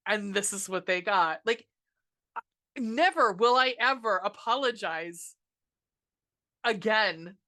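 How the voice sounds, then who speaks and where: A woman rants through a casual podcast movie review, sarcastic and swearing freely. Her voice is bright and sharp, with filler words and quick asides. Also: mid-range voice, lively intonation. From United States. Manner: ranting, sarcastic, swears a lot, frequent laughs and filler. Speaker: podcast host reviewing a film.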